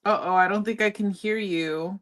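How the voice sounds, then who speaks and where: A woman chatting casually on a livestream, talking in a relaxed, conversational way to her viewers. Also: medium pitch, normal speed. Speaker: livestream host.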